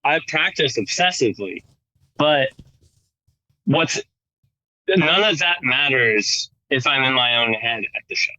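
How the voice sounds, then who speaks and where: Bright-voiced American guy rambling casually. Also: mid-range voice, measured pace, long pauses, no echo, poor audio. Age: 30s. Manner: rambling, lots of "like" and restarts. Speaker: guest guitarist. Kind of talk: casual conversation.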